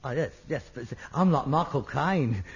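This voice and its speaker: An actor playing an exasperated, pretentious middle-aged son who fancies himself an actor, indignant and huffy, in a 1960s radio sitcom. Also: male voice, medium pitch, expressive, moderate pace, breathy edge. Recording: dull lo-fi old radio recording.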